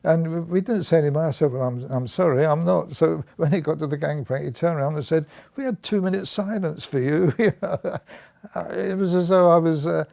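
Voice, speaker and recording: An older war veteran recounts his military service in an oral history interview, telling stories with chuckles and frequently restarting sentences. His voice is on the high side, a little fast, creaky, and dark in tone.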